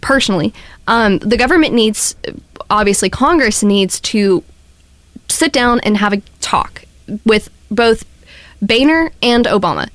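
A woman co-hosting a talk radio show, debating politics in a measured, hedging way and citing articles. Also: a little high, animated, no echo.

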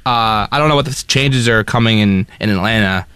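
An excitable young man co-hosts a casual sports talk show, tripping over his words and restarting his sentences as he jumps between topics. His voice is smooth and clear, recorded dry with no room sound. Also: on the low side, brisk, dry recording. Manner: excitable, self-deprecating, many restarts. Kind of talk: casual sports radio chat.

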